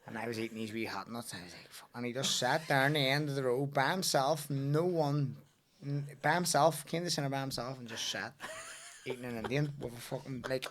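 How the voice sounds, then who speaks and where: A Belfast man guesting on a podcast, swearing freely and laughing through his stories. His voice sits at a middle pitch. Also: a little fast, a bit bright, a little hiss or hum. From Northern Ireland. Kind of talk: casual chat.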